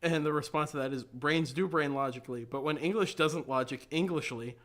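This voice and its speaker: Bright, higher-pitched male podcast voice. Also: brisk. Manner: reads quotes aloud with amused laughs. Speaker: podcast participant. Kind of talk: casual podcast chat.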